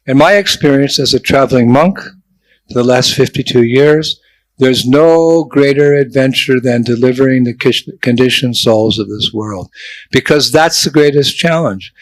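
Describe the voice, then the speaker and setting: A man's voice: medium pitch, measured pace, no echo, rough recording. An older man, a traveling monk, giving a sermon to young people, telling stories with jokes and asides. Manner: lively storytelling with jokes and asides. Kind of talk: sermon to a youth festival.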